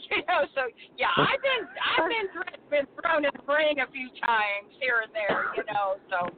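Feisty high-voiced older woman on phone. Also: normal speed, few pauses. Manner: feisty, animated storyteller. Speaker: co-host. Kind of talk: casual chat. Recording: tinny phone line with faint noise.

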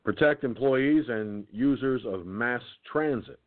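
A tired man hosting an internet radio show, reading a document aloud haltingly with his own comments, stumbling and restarting words. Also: medium pitch. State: tired, keeps yawning. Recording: tinny phone-like line.

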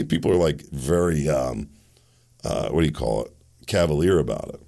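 A middle-aged male host delivering a sarcastic, ranting monologue. His voice sits very low with a gravelly edge, yet it swings widely in pitch as he scoffs and jabs. Scornful little laughs break up his complaints. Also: huge pitch swings, fairly quick, warm tone. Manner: ranting, sarcastic, mocking asides. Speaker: political commentary host. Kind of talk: opinion monologue.

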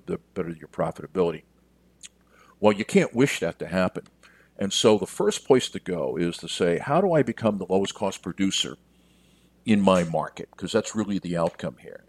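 A man with a very low voice talks straight to his listeners like a business coach, plain and practical. He is middle-aged and speaks in a loose, conversational podcast manner. The sound is dry and close, with no room around it. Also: no echo. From United States. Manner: direct, conversational, addresses listeners as you. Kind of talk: podcast monologue.

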